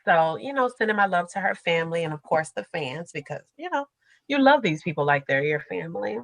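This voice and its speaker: A woman's voice: lowish voice, lively intonation, brisk, creaky, a bit bright, no room sound, low-quality recording. A young adult woman hosting a casual group podcast, chatty and slangy, laughing as she tells stories. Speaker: podcast host.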